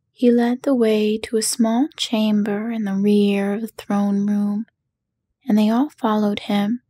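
A woman narrating an audiobook in a soft, hushed bedtime whisper. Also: medium pitch, little pitch movement, a little slow, husky. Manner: hushed and soothing.

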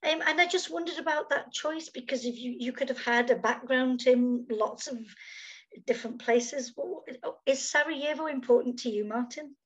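Woman, host, video call, outdoors, slightly high voice, chatty, lots of fillers. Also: moderate pace, fairly bright tone, dull audio. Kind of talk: casual interview. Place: outdoors in summer.

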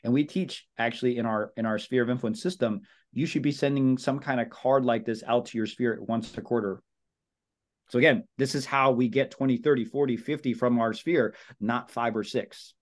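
A man with a mid-range voice and moderate pace gives a training talk to real estate agents at their team meeting. His style is casual, energetic, and repetitive; he role-plays sample phone calls and calls people "guys" and "brother."

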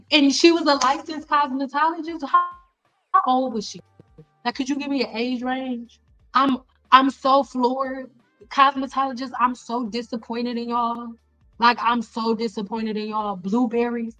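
A middle-aged woman cosmetologist hosting a casual live stream, blunt and animated, talking straight to her viewers with slang and exasperated repetition. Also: a little high, measured pace, muffled recording, soft background music. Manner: frequent laughs and exasperated repetition. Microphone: desk mic.

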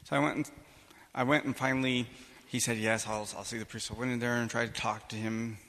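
A male priest giving a sermon, telling a personal story with animated, emphatic delivery and acting out the dialogue. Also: medium pitch, quick pace, a little hiss or hum. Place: church or conference hall. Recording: long hall reverb.

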